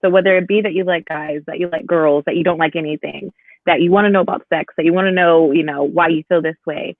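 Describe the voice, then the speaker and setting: A woman chatting casually on a live podcast, telling stories in an animated way and acting out the people she quotes. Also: low voice, fast talker, no room sound. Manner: animated storyteller, acts out voices in quotes. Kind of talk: casual chat. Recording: tinny phone-like live stream audio.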